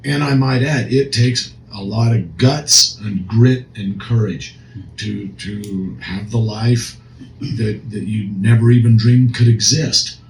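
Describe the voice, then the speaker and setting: A man's voice: lowish voice, steady tone, takes it slowly, vocal fry. A man co-hosting a recovery podcast as a counselor, speaking earnestly and emphatically with frequent restarts. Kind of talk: casual discussion. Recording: echoey room, faint noise.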